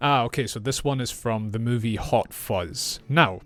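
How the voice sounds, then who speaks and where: A man with a northeast Scottish accent, an English teacher reacting to accent clips, speaking clearly and patiently. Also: medium pitch, moderate pace, fairly bright tone. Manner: clear, patient, repeats phrases. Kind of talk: reaction video, explaining accents.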